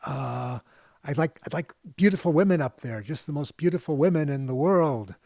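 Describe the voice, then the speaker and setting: A man voicing a greedy, eager poor man rattling off his wishes excitedly. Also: medium pitch, measured pace, no room sound, clean studio sound, lightly acted. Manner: excited, eager, tumbling wish lists.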